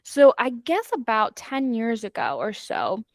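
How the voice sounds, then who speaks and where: A woman's voice: on the high side, unhurried, no echo, clean studio sound. A woman hosting a book club podcast, casually retelling the plot with laughs and acted-out lines. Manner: animated, laughing, acting out characters' lines.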